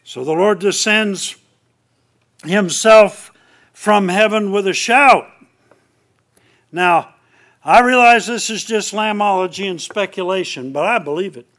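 A man teaching a Bible class, reading scripture aloud slowly and swinging between emphatic lines and hushed ones. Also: high-pitched.

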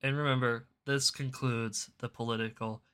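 A man's voice: medium pitch, fairly even intonation, moderate pace, fairly bright tone, smooth. A man hosting a casual political commentary show, rambling and stammering, often repeating words. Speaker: show host.

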